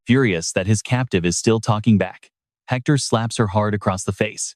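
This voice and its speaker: Male recap narrator: low, steady storyteller, dry booth sound. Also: normal speed, no echo. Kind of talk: scripted narration.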